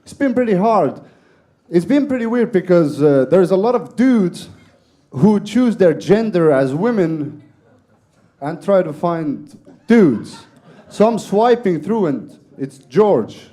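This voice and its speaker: Young Estonian-accented male comic, deadpan self-mockery, high voice. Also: slow. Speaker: stand-up comedian. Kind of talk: stand-up set. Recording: live comedy club room.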